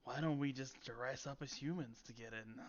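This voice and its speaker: A man's voice: mid-range voice, normal speed, dull audio, a loud crowd. A man playing a tabletop game, joking and chuckling. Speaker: player. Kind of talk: casual tabletop play.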